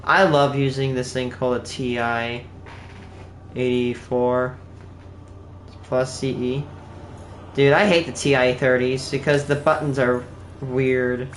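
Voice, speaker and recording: A man's voice: medium pitch, little pitch movement, slow pace, long pauses. Chatty young male streamer, echoey room. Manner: chatty, earnest, rambling. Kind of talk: casual live-stream chat. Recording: echoey room with faint background hum.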